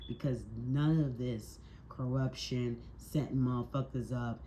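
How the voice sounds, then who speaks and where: A tarot reader in mid-pitch delivers a fired-up, scolding monologue, swearing freely and piling up repeated rhetorical questions. The tone stays preachy and emphatic throughout, with a faint hiss of noise under the voice. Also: fairly even intonation, measured pace, hardly any pauses, dark tone.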